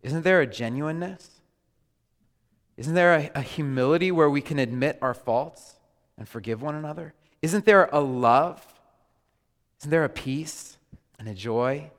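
A man preaching a sermon as a pastor, animated and joking with his congregation. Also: fairly high pitch, measured pace, pauses often. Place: large church hall. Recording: hall reverb.

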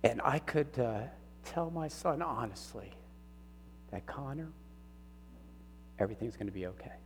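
A middle-aged man preaching a personal sermon testimony, earnest and halting, his voice catching with emotion. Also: medium pitch, lively intonation. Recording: reverberant hall with faint hum.

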